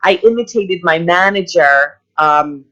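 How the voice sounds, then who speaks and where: A woman in her fifties, an actress guest telling excited stories in a casual interview. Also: lowish voice, a little slow. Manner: excited, gushing storyteller. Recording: slightly muffled audio.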